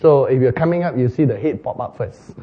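Husky man preaching with lively pitch. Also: a little fast, highs cut off. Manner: playful, laughs at own jokes. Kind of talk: animated sermon storytelling.

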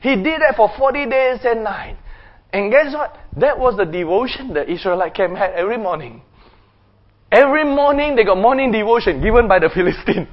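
A man preacher giving a sermon, telling the story in an animated way with sound effects and chuckles. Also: high voice, fairly quick, muffled recording.

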